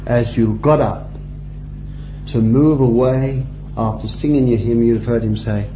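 Slow, impassioned preacher man in an echoey hall. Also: steady tone, a little hiss or hum. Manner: rising to impassioned high-pitched peaks, then dropping low and slow. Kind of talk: sermon. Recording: dull lo-fi sound in a roomy hall.

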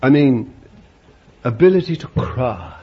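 A man's voice: mid-range voice, lively intonation, unhurried. An older man preaching a sermon, emphatic and chuckling often, repeating his phrases. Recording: dull lo-fi recording with faint background noise.

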